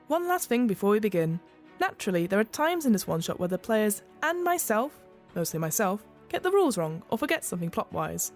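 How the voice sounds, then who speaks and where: A woman game master reading the rules of a storytelling game aloud in a clear, measured way. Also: medium pitch, a little mellow.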